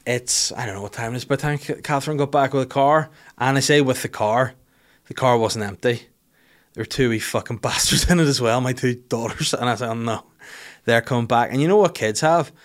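A man's voice: medium pitch, brisk. A man, telling funny self-deprecating stories about his life in casual, sweary talk. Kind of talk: casual storytelling monologue.

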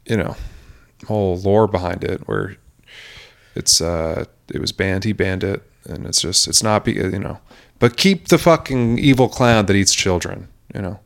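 A man's voice: low voice, unhurried, creaky. A young man co-hosting a podcast in casual chat, joking and rambling, often breaking into laughter. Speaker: podcast co-host.

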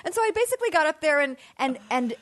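Middle-aged American comedienne, lively storyteller, laughing and cursing, dry close sound. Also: female voice, high-pitched, fast, no room sound. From United States. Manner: animated, laughs through her stories, swears freely. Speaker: podcast guest, comedian. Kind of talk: casual storytelling in conversation.

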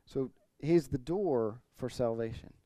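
This is a man's earnest expository sermon, climbing to emphatic points with rising emphasis and the odd throat clear. He has a dark, medium-pitched voice, speaks at a measured pace, and the recording has no echo.

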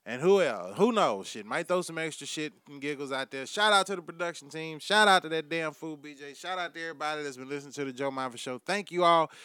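Animated, profane podcast host man. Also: a little high, fast, hardly any pauses, smooth, dry recording, clean studio sound. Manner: profane, animated, swings loud and quiet. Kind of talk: casual comedic monologue.

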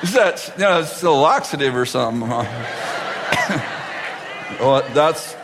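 A man's voice: medium pitch, animated, a crowd in the background. A man preaching a humorous sermon before a live audience, laughing often and acting out the dialogue of the story he tells. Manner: jokey, laughs often, acts out dialogue in quick voices. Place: large church hall before a live audience. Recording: reverberant hall with faint audience and noise.

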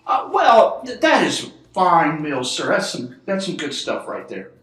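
A man's voice: fairly high pitch, huge pitch swings, a little slow, fairly bright tone, roomy sound, soft background music, exaggerated voice. A man playing a nervous, eager-to-please waiter who stammers and hesitates in a live comedy skit. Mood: muddled. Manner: stammering, hesitant, over-accommodating.

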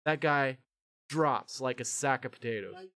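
A man hosting a podcast who tells a long story in a rambling, animated way, swearing freely and acting out the voices of the people in it. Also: mid-range voice, unhurried. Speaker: podcast host. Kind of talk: casual storytelling chat.

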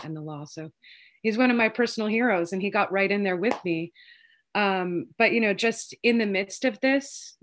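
A woman speaking quickly and informally in an interview, piling on fillers and restarts as she tells a long story. Her voice sits a little low for a woman. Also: a bit bright, slight background noise. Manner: fast, rambling, many fillers. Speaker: lawyer and cannabis advocate.

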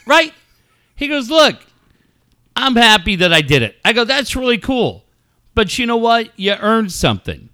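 A middle-aged man hosting a podcast, telling a story in casual, profane talk that rises into shouting. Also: high voice, clear, resonant tone, no echo, clean studio sound. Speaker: podcast host.

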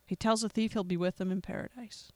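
A podcast host making an emotional, earnest gospel appeal in a preacherly way, with pauses and repetition. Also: mid-range voice, fairly even intonation, a little mellow, dry recording.

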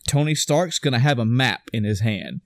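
A man in his thirties, excitably talking in a casual chat, swearing freely and acting out scenes. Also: mid-range voice, normal speed, no room sound, clean studio sound.

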